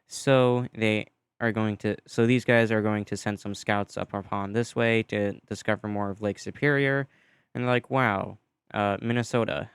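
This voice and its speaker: Dude casually narrating, super smooth clear voice, dry close sound, lots of uh's and deadpan bits. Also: male voice, lowish voice, no room sound. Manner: offhand and chatty, mimics groups with flat deadpan asides, frequent "uh". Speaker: map video creator narrating.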